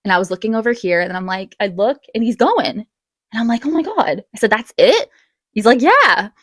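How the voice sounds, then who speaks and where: A woman's voice: a little high, dry recording. Chatty young woman vlogger, dry sound. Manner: chatty and animated, quick bursts and gasps. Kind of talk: casual storytime vlog.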